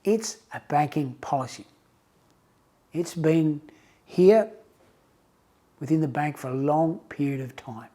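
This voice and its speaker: A man voicing a patient bank teller who speaks calmly and evenly. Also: high voice. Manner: calm, measured, quiet.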